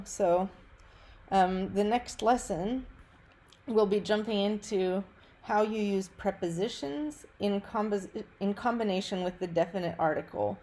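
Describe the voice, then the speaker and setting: A woman teaching a recorded language lesson over slides, relaxed and careful, with frequent ums and small self-corrections. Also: mid-range voice. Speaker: Italian teacher.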